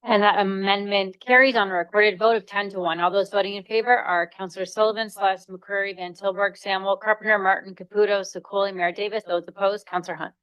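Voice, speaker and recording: A woman's voice: mid-range voice, fairly even intonation, fairly quick, hardly any pauses, a bit bright, smooth, no echo, poor audio. Woman clerk reading off vote results, matter-of-fact, dry close sound. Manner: matter-of-fact, listing names. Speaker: city clerk. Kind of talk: reading recorded votes. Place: council chamber.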